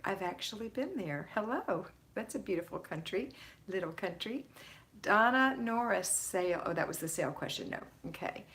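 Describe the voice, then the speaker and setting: A woman's voice: mid-range voice, a bit bright. A woman hosting a live stream, chatting casually, reading out viewers' comments and greeting them by name with frequent laughs. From Florida, United States. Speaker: host of a home-organizing live stream.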